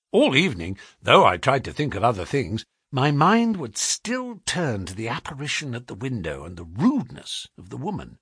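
A man narrating a story in the first person as an audiobook, with expressive delivery that drops to hushed tones in suspenseful passages. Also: medium pitch, slightly rough, dry recording, clean studio sound.

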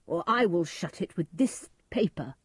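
Woman voicing stern righteous nobleman, firm, husky. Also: lowish voice, expressive, measured pace, no echo, clean studio sound, full character voice.

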